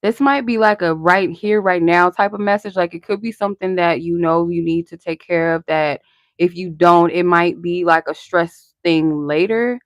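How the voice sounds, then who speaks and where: A woman's voice: on the low side, moderate pace, dry recording, clean studio sound. A young woman hosting a live-stream tarot reading, chatty and rambling, answering her chat and laughing often.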